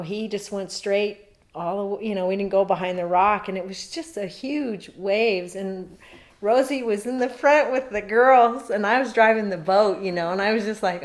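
A middle-aged woman from Alaska, telling a rambling story in a casual interview and laughing often. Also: mid-range voice.

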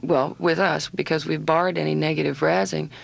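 A woman's voice: low voice, fairly even intonation, normal speed, creaky, rough recording. A woman hosting a casual radio chat, sounding chatty and enthusiastic.

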